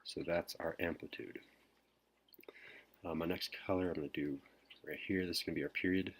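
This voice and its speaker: A man teacher whispering a recorded math lesson, hesitant with frequent pauses. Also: low voice, fairly even intonation, breathy edge. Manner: whispering softly; hesitant, many ums.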